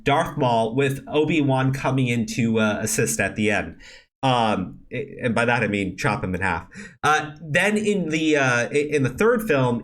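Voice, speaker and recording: A man hosting a commentary channel, ranting angrily and sarcastically with lots of swearing, stammering and repeated words, and shouting when worked up. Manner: shouts and climbs high when angry.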